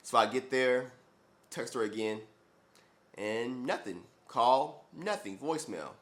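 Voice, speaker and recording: A young man, a running shoe vlogger, telling a story in an animated, exasperated way, full of "like". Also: medium pitch, slow pace. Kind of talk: casual storytelling.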